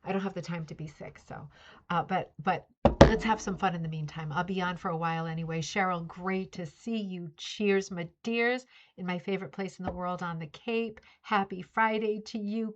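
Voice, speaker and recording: A woman's voice: mid-range voice, steady tone, normal speed, a little hiss or hum. A middle-aged woman hosting a casual craft club livestream, greeting viewers by name and chatting in a friendly, rambling way. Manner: chatty, greets viewers by name, coos baby talk to her dog. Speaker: livestream host of a rug hooking club. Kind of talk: casual chat. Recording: slightly dull lo-fi livestream audio.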